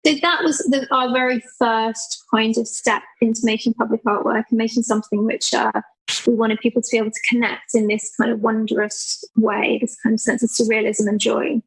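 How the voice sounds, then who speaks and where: A woman with a fairly high, breathy, husky voice talks through her work in a casual interview. She tells stories with animation, slipping into the voices of the people she describes. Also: brisk, rough recording. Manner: animated storyteller, acts out quoted people, laughs often. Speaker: guest artist.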